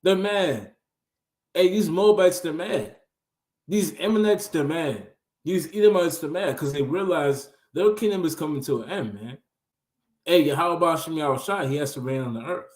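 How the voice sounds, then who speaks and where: Guy preaching hard over scripture, slightly high voice, lots of "man", roomy echo. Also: darkish tone. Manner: preachy, keeps tagging lines with "man". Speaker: show regular reading and commenting on scripture. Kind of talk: fiery religious commentary.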